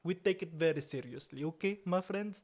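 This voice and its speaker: A young man from Italy hosting a live stream, chatting casually with viewers in a playful mock-outraged way. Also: fairly high pitch. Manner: playful mock outrage, slow drawn-out delivery. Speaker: livestream host.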